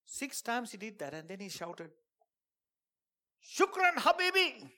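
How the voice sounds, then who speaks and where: A man preaching a sermon and telling a dramatic testimony, dropping to a hush and then rising to shouts. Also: high voice, animated, moderate pace. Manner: dramatic storytelling, swings from hushed to shouting; preaching with emphatic call-outs.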